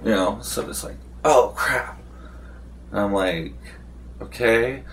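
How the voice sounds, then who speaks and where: A young man with a somewhat low voice talks through a tabletop role-playing session at an unhurried, drawn-out pace. He rambles, stops to restart sentences, and slips into the voices of the game master and the other players. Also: fairly bright tone. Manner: rambling, with many fillers and restarts. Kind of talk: casual recap.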